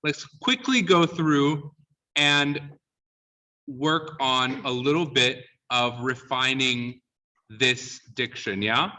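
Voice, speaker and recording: A man coaches students on sung diction, explaining points, quizzing them, and often checking with "yeah?". His medium-pitched voice is slow, bright, and forceful. The sound is distant and dull, with a lo-fi quality.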